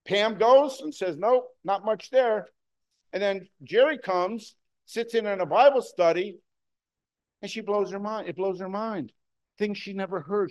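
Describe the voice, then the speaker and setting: A man preaching a sermon to his congregation, moving between loud excited bursts and hushed, slow emphasis. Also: sits high. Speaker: pastor.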